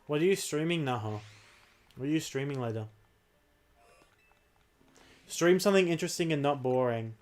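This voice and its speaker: A man's voice: on the high side, expressive, moderate pace, long pauses, darkish tone. A young man chatting casually on a livestream while playing a game, rambling and self-deprecating, with frequent laughs. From Australia. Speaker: streamer.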